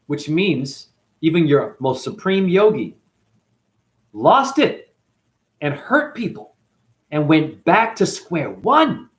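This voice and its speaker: A man teaches through a spiritual story, and his pitch leaps up and down. He keeps checking in with his listeners, and his delivery stays lively and conversational. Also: slow, long pauses. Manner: lively, asks the audience questions. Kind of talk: animated storytelling talk.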